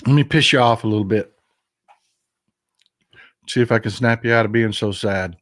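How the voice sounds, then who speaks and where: A man's voice: on the low side, moderate pace, a bit bright. Blunt, emotional male livestream host. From Texas. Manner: blunt, emotional, swears, reads viewer comments aloud. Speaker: livestream news commentary host. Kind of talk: casual live news commentary.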